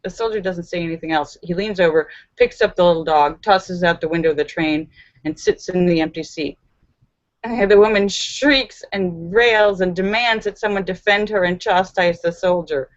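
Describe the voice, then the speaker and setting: A woman's voice: fairly low pitch, normal speed, dry recording. A woman hosting a live stream, reading out viewer jokes and laughing at the punchlines. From Los Angeles. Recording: dull, dry home recording.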